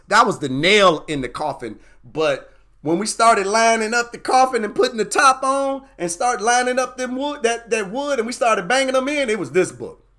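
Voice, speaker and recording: Fired-up male host, high voice that swings widely, preacher-like cadence. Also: sharp tone. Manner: fired-up, preaching, repetitive emphasis. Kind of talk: impassioned motivational talk.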